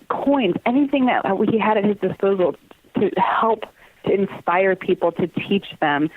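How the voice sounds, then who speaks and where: An earnest woman sharing personal stories as a podcast guest, breaking into laughter often. Her voice comes through a narrow, tinny phone-line sound. There is almost no room echo. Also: mid-range voice. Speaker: interview guest, theater company communications manager. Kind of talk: podcast interview, personal storytelling.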